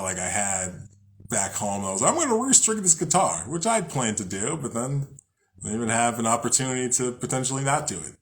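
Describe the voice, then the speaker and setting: A man's voice: fairly low pitch, a bit bright. A man hosting a casual spiritual talk, rambling, joking and swearing freely as he reads from a book. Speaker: host.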